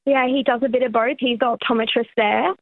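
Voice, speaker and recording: A woman's voice: a little high, steady tone, quick pace, dry recording. A woman calling in to a comedy show, chatty and friendly as she explains her story. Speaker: caller. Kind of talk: phone call to a radio show. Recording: tinny phone line.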